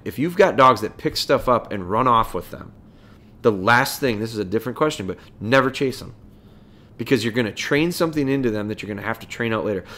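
A man's voice: medium pitch, a bit bright. A man hosting a podcast, giving casual dog training advice in a folksy way, full of rhetorical questions.

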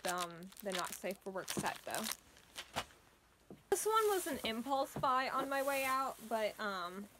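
A medium-pitched cosplay vlogger chats casually at home while setting up a photoshoot, heavy background noise around them. Costume fangs slightly slur their speech, and tired from an early start, they laugh often and let sentences trail off.

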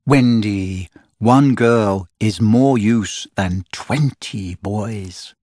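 A man's voice: on the low side, animated, takes it slowly, no room sound, clean studio sound. Peter Pan, a cocky crowing boy, read by a man. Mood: cocky, boyish. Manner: boastful, crowing. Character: cocky, boastful boy who never grows up. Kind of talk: audiobook character voice.

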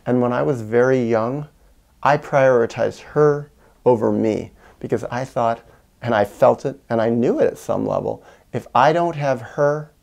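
A man recounting a childhood story in a reflective monologue, acting out quoted lines with whispers and bursts of higher pitch. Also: a little slow, creaky, darkish tone. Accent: American. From United States. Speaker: video essayist on parenting.

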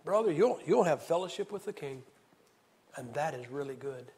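A man preaching an evangelist's sermon at a camp meeting, swinging from loud to hushed. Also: fairly high pitch, expressive, normal speed. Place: church hall. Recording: reverberant hall sound.

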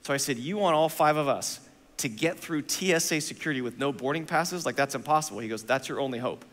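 A male pastor tells a self-mocking story during a sermon. He acts out the dialogue in an animated way, speaking in a church sanctuary. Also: on the high side, fast. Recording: long reverb of a church hall.

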